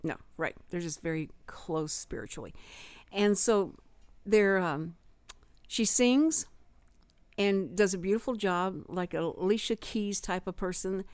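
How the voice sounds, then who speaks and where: A woman's voice: mid-range voice, a little slow, darkish tone, no room sound. A woman hosting a radio talk show, telling a story in a rambling way full of fillers and restarts. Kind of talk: casual radio chat. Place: radio studio.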